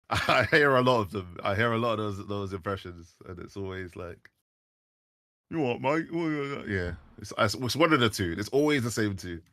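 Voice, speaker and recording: A British man on a casual live stream who laughs often through animated banter. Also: lowish voice, normal speed, no room sound, studio quality.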